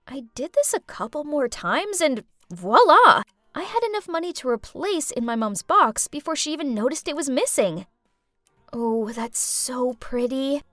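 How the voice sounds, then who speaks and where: In a dramatic, chatty teen voice, a woman recounts her own story with a high pitch that swings a lot. The sound is close and entirely dry, carrying no room sound.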